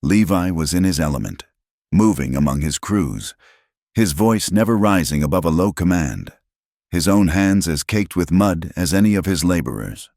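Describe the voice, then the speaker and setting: Very deep-voiced male storyteller. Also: dry recording, studio quality. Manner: even, measured storytelling. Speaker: narrator. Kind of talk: scripted narration.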